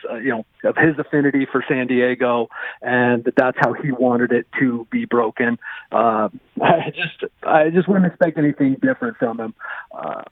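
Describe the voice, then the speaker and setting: A man's voice: mid-range voice, no echo. A male sports columnist, a guest on a phone-in interview, talking in a friendly, rambling way with many restarts. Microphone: phone line. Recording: tinny phone line, dry.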